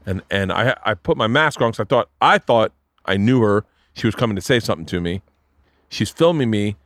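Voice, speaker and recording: A man's voice: lowish voice, fairly quick, no echo, studio quality. A middle-aged man hosting a podcast, telling rambling, profane stories and acting out the people in them. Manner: profane, rambling, animated storyteller who acts out quotes. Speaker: podcast host and comedian. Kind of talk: casual storytelling chat.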